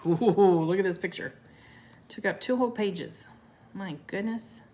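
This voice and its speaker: A woman reading a children's book aloud like a teacher, unhurried and expressive, with asides to her young listeners. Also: mid-range voice, a little hiss or hum. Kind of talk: children's storybook read-aloud.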